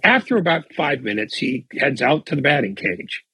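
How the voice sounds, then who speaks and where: A man's voice: mid-range voice, big pitch swings, normal speed, sharp tone. An older man, a veteran sportswriter, telling dry, wry anecdotes as a guest on a casual podcast. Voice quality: raspy.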